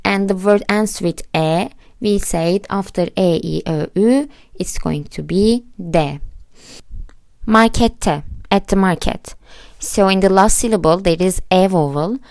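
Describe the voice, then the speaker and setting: A woman's voice: medium pitch, measured pace, vocal fry, a little mellow, no echo, studio quality. A woman teaching a language lesson, patiently spelling out letters and word endings. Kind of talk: slow explanatory lesson.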